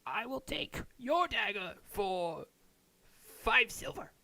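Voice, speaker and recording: A man doing a squeaky, flustered dwarf smith. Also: expressive, slow pace, creaky, bright, forceful tone, no room sound, full character voice. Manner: high, stammering, mutters sums under breath. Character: excitable flustered male dwarf blacksmith.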